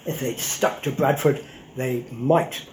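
A man's voice: mid-range voice, steady tone, slow, a little hiss or hum. An older man, a historian, giving a public lecture in a wry, conversational way with frequent ums and asides. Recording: roomy hall echo.

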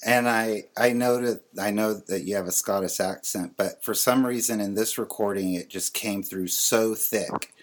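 A man's voice: on the low side, fairly even intonation, normal speed, hardly any pauses, background noise. A man hosting a podcast chat, rambling and hesitant with lots of fillers. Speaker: podcast host and producer. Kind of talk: casual chat.

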